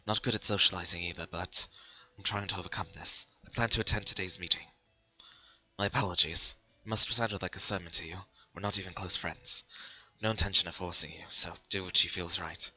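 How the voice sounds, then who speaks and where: A man voicing a calm, reserved young male student in a game, speaking softly and in a measured way. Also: low-pitched, no room sound, heavily acted, rough recording. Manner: measured, soft-spoken. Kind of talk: reading game dialogue aloud.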